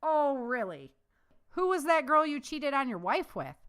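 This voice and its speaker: A woman's voice: high voice, very animated, unhurried, fairly bright tone, voice pushed up, full character voice. A woman voicing a sarcastic, jesting male ex-Marine in a storybook reading. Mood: wry jesting. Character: wry, sarcastic male ex-Marine security man.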